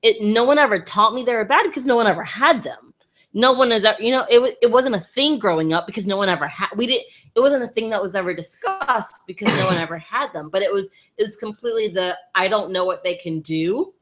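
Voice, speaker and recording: A woman in a casual podcast chat, talking in an animated, emphatic way. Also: mid-range voice, quick pace.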